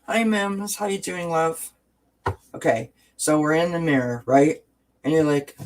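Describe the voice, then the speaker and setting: A woman's voice: low-pitched, a little slow. A woman hosting a casual livestream, reading viewer comments and talking through self-help ideas with frequent restarts and tag questions.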